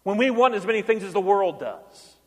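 High-voiced preacher in an echoing hall. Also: male voice, lively intonation, brisk, a bit bright. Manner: earnest preaching, acting out quoted voices. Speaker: pastor. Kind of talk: sermon.

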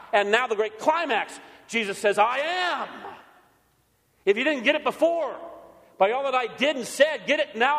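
Older male pastor, emphatic sermon delivery, high voice, reverberant hall. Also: lively intonation, a little slow, pushed and bright. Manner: emphatic, repeats key phrases.

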